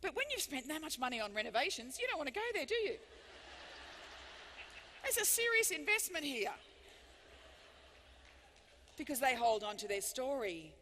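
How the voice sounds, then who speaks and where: A woman giving a live motivational keynote speech, animated and emphatic, swinging between loud bursts and hushed lines. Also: a little high, a little slow, long pauses, a little hiss or hum. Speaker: motivational speaker. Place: large hall before thousands of people. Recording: long reverb of a big hall.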